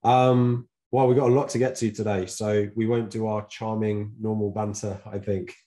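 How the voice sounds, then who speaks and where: A British man co-hosting a casual podcast, with a lowish voice. His tone is dark and mellow. He talks in a relaxed, reflective way, pausing often on fillers. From Britain. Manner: reflective, easygoing, with frequent fillers. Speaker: podcast co-host. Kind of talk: casual podcast chat about Bible reading.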